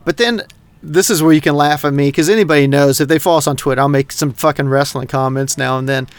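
A man's voice: fairly high pitch, quick pace, smooth, no room sound. A middle-aged man from North Texas, a podcast co-host rambling in casual, profane chat. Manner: rambling, heavy swearing, animated.

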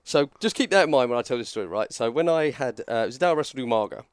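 A man's voice: mid-range voice, lively intonation, racing, clean tone, no room sound, clean studio sound. A man, telling a wrestling story on a podcast in a rambling, self-mocking way. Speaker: podcast co-host, former wrestler. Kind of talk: casual storytelling chat.

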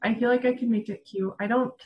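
A woman's voice: on the high side, steady tone, fast, highs cut off. A woman in casual chat, giggling often and talking with lots of fillers. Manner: giggly, chatty, many fillers.

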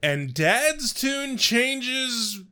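Bright, excitable male podcast co-host. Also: very high-pitched, extremely slow, clear, resonant tone. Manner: laughs often, swears, excitable. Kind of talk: casual recap chat.

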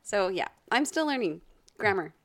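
A woman co-hosting a podcast in casual chat, encouraging and quick to laugh. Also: medium pitch, very animated, a bit bright, a little hiss or hum. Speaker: podcast co-host.

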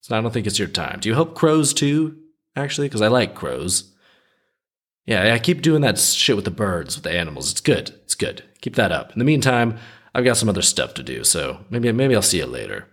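Man reading easygoing male Death, shrugging and unbothered, low and husky. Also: very animated, fairly quick, a bit bright, full character voice. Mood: offhand. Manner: casual, offhand, shrugging. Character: laid-back odd Death in human guise, male.

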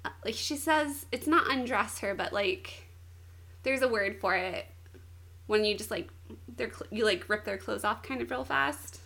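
In a casual chat, a young woman animatedly recaps an anime plot, saying "like" a lot and giggling. Her voice sits on the high side, is gravelly, and moves at an unhurried pace.

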